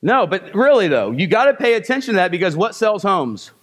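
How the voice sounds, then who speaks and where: A male sales trainer working a live seminar crowd. He keeps firing rhetorical questions and then answers them with short, punchy commands. His voice sits a little high for a man. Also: very animated, brisk, fairly bright tone.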